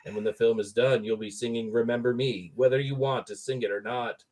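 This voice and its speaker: A man's voice: medium pitch, fairly even intonation, fairly quick, a little mellow. Sarcastic man reading a comedic movie review. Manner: sarcastic, mock-exasperated. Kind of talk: read-aloud comedic review.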